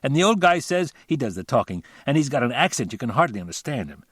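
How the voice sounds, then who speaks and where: A man's voice: mid-range voice, very animated, fast, a bit bright, breathy edge, dry recording, clean studio sound, voice pushed up. A man voicing a chatty small-town realtor who tells a story in folksy, ungrammatical talk. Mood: gossipy. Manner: folksy rambling storyteller, colloquial grammar. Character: chatty middle-aged male small-town realtor, boastful.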